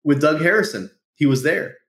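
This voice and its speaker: A man being interviewed about his business, telling lively stories, acting out quotes and laughing often. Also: a little high, moderate pace. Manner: animated storyteller, laughs often, acts out quotes. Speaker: podcast guest, entrepreneur. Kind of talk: casual interview storytelling. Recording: roomy echo.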